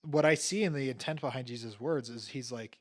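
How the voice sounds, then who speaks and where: Mid-pitched man thinking aloud on a podcast. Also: fairly quick. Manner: thinks aloud, restarting sentences and paraphrasing loosely. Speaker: podcast co-host. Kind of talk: casual religious discussion.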